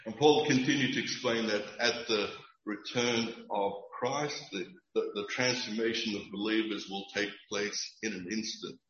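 Man, preacher, emphatic measured sermon, roomy church sound. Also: fairly low pitch, steady tone, fairly bright tone, dull audio. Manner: earnest, emphatic, measured preaching with occasional restarts. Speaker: pastor.

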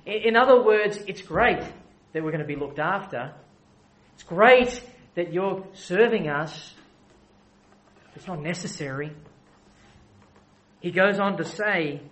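A man preaching a sermon, moving between soft, quiet asides and loud, emphatic runs of repeated phrases. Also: on the high side, animated, slow, pauses often, low-quality recording.

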